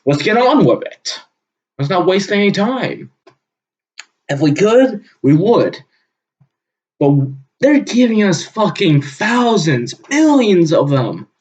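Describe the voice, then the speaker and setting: Heated ranting man, slow and lively. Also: high voice. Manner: heated, profane ranting with sudden loud bursts. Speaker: channel host. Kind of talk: solo ranting monologue. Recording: dull lo-fi recording.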